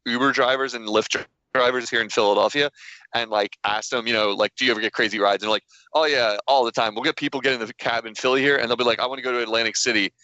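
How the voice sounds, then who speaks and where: A man co-hosting a podcast in casual chat, telling animated stories and acting out quotes. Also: mid-range voice, fast talker, dry recording. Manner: animated storyteller, acts out quotes, laughs often. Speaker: podcast co-host. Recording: dull lo-fi dry podcast audio.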